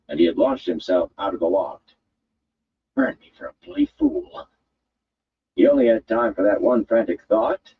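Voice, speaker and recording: A man reading a fantasy story aloud with expressive, measured narration. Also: deep voice, husky, phone-quality sound. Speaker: audiobook reader.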